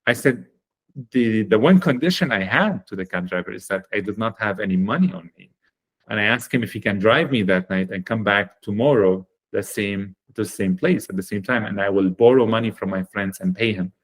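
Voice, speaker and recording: A man guesting on a podcast interview, telling his story in an earnest, animated way with plenty of fillers. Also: fairly low pitch, brisk. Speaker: guest, chocolate company founder.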